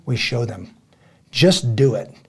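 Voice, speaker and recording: A man's voice: mid-range voice, takes it slowly, husky. A man co-hosting a casual podcast, telling stories animatedly and acting out quoted dialogue. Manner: animated storyteller, acts out quoted dialogue loudly. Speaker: podcast co-host.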